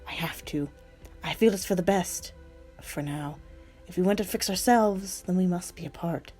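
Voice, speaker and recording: A woman voicing a gentle male demon who tenderly says goodbye to his lover, speaking softly and sometimes whispering. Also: fairly low pitch, normal speed, soft background music, natural voice.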